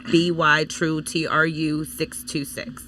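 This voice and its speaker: A woman's voice: deep voice, level tone, slow, bright, forceful tone. A woman in a casual comedic chat, playful and given to theatrical exclamations. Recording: noisy background.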